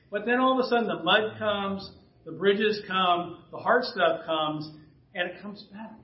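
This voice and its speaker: Male pastor, high voice, conversational sermon with throat clearing, dull echoey church sound. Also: unhurried. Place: church sanctuary. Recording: distant roomy church recording, dull sound.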